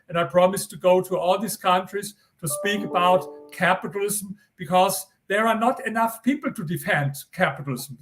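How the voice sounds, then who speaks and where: A man's voice: high voice, a bit bright. An older man with a German accent, a guest author giving earnest, insistent interview answers and repeating his points.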